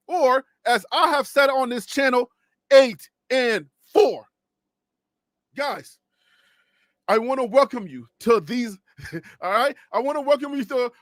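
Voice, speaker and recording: A man hosting a casual sports talk show from his home studio, excited and slangy, repeating himself and laughing often. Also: very high voice, no echo.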